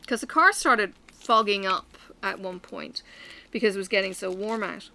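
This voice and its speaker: Chatty bright-voiced woman. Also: mid-range voice, moderate pace, slight background noise. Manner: chatty storytelling with many fillers. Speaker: vlogger. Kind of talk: casual chat while stitching.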